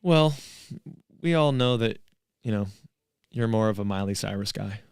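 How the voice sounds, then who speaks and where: A man's voice: fairly low pitch, animated, moderate pace, a little mellow, clear, resonant tone, dry recording, clean studio sound. A man co-hosting a basketball podcast, chatting casually and joking while watching a live game. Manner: jokey, chatty, reacts to plays. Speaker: podcast co-host.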